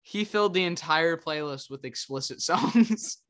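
A man's voice: on the high side, a little slow, a bit bright. A man co-hosting a podcast, joking and bantering in casual chat. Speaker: podcast co-host.

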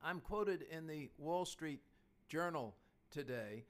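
A man's voice: a little high, expressive, slow. A man in his fifties hosting a podcast, talking casually about investing in a chatty, anecdotal way. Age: 50s. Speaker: podcast host.

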